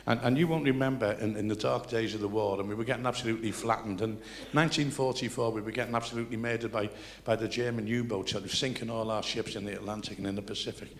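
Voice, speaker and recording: A man's voice: lowish voice, fairly even intonation, quick pace, hardly any pauses. An older man telling rambling stories to a live audience, chatty and full of restarts. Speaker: comedian. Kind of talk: live stand-up storytelling.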